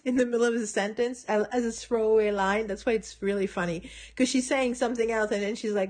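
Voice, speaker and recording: A woman's voice: medium pitch, steady tone, normal speed. Woman musing with many ums. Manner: thoughtful, hesitant with many fillers and restarts; amused, laughs between points. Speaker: podcast host reviewing a TV episode. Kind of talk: casual solo commentary. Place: at home by her computer.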